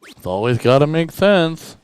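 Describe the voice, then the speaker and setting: A teasing man calling a darts stream with a lively, bouncing voice that sits a touch high. His tone is smooth and clear, and he keeps the banter rolling between throws. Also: measured pace, dry recording. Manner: joking, teasing, animated. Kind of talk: casual banter commentary. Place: indoor event stream room.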